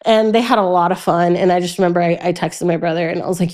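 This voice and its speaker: On a podcast, a young adult woman with a lowish voice and fairly even intonation opens up about something painful. Her telling is frank but halting, with frequent restarts and quiet pauses in the hardest parts.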